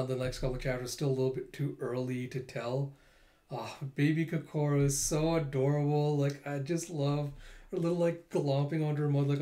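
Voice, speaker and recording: A man with a dark, mellow voice recapping a comic chapter in a relaxed way. He hesitates often and fills the gaps with fillers. His pitch sits in the middle. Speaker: host.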